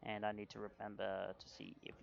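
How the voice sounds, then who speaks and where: A man's voice: lowish voice, monotone, fairly quick, gravelly, lo-fi sound. A man narrating a tabletop role-playing game as game master, in a casual way with frequent restarts.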